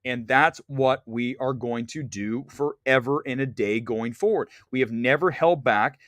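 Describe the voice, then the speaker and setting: A man's voice: medium pitch, unhurried, fairly bright tone, no echo. A man hosting a live movie-talk stream, blunt and opinionated, rambling and restarting as he goes. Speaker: livestream host. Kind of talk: animated live-stream chat.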